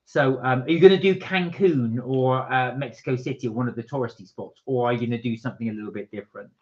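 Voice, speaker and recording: A man's voice: mid-range voice, fast. Chatty man reading comments. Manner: chatty, reads out viewer comments, jokes. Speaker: co-host of a live stream. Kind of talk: casual live-stream chat reading viewer comments. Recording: dull lo-fi stream audio.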